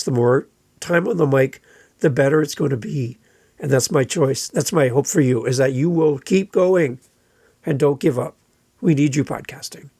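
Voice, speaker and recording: A man hosting a solo podcast, giving energetic, playful advice and sometimes mimicking listeners in silly voices. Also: fairly high pitch, slightly rough, no room sound, clean studio sound. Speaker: podcast host.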